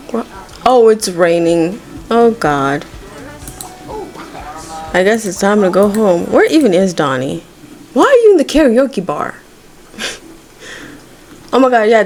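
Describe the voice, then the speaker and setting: This gaming creator has a fairly low, slightly mellow voice. She gives loose, meandering commentary while playing, cursing freely and chatting with the characters on screen.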